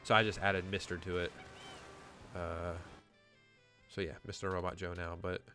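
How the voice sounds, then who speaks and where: A man's voice: low voice, flat delivery, moderate pace, pushed and bright, soft background music. A gaming YouTuber, a man, telling a story in casual, rambling chat, swearing often and saying "like" a lot. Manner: rambling, profane, lots of "like".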